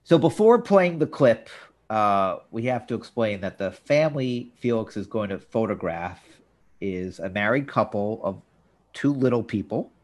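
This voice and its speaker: A man's voice: lowish voice, lively intonation, measured pace. A man co-hosting a podcast, chatting casually about a TV episode and getting exasperated over details. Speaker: podcast co-host.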